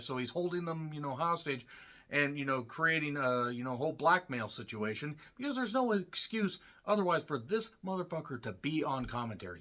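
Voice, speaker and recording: A man giving a solo review, talking in a sarcastic, profane, ranting way with frequent asides and throat-clearing. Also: fairly high pitch, sharp tone. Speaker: wrestling show reviewer.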